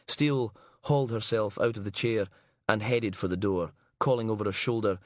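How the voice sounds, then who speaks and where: Brief: male audiobook narrator, measured crime-novel reading, lowish voice, dead-dry close recording. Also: expressive, no room sound.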